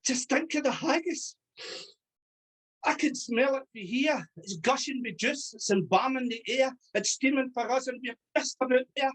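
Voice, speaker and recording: Reciter putting on a high husky scots soldier lad, wounded, urgent and pleading. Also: normal speed, poor audio. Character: wounded young male Scots soldier urging his mate on.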